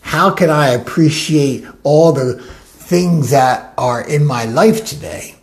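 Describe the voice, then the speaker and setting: A life coach giving a motivational talk, animated and acting out the inner voices of listeners. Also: medium pitch, slow pace.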